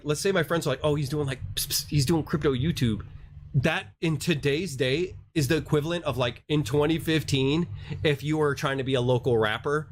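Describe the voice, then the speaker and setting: A man's voice: fairly high pitch, a little hiss or hum. A man hosting a crypto livestream, ranting casually in a rambling, slangy, self-mocking way.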